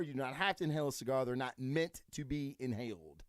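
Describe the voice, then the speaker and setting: A man's voice: medium pitch, animated, quick pace, hardly any pauses, no room sound, clean studio sound. A man hosting a podcast, talking in a crude, rambling way and swearing constantly. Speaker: podcast host. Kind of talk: profane casual monologue.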